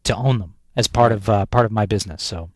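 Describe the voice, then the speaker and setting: An American man, a professional speaker, telling a lively story as an interview guest and often repeating words as he restarts. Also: lowish voice, quick pace, breathy edge, no echo. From United States.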